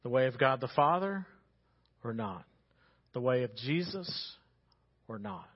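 A man preaching a sermon as pastor, telling stories in a conversational way and dropping quiet for serious points. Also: medium pitch, big pitch swings, measured pace, slightly rough, highs cut off. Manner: storytelling, conversational with sudden quiet drops. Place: church sanctuary.

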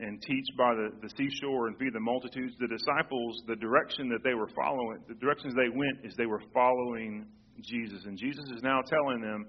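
Pastor preaching in a casual sermon. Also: male voice, medium pitch, highs cut off. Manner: conversational with frequent restarts and repeated words. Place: church sanctuary.

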